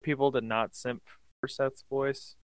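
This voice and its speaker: A man's voice: medium pitch, little pitch movement, a little slow, clean tone, no echo. A young man co-hosting a casual chat, teasing his friend in laid-back banter. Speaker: co-host.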